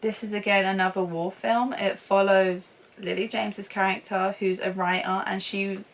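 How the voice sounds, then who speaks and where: Young woman rambling about films, chatty and upbeat, mid pitch, mic a bit far off. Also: little pitch movement, moderate pace. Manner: chatty and enthusiastic, with frequent laughs. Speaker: film reviewer. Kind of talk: casual chat.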